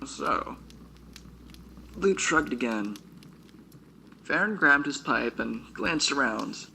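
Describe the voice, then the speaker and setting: A man's voice: medium pitch, takes it slowly, vocal fry, bright, forceful tone. A man reading his own novel aloud on a stream, chuckling at his own writing and stopping to comment on it. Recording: noisy background hiss.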